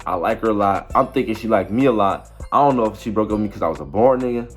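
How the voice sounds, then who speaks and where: A young vlogger tells a story casually, rambling loosely, leaning on slang and checking in with "you feel me" again and again. He talks fast in a voice on the low side, with faint music playing underneath.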